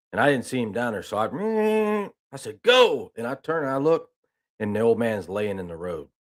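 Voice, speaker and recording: A man hosting a news talk stream, telling a rambling folksy story and reading news aloud in a casual way. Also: lowish voice. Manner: rambling, folksy, with restarts and "I mean".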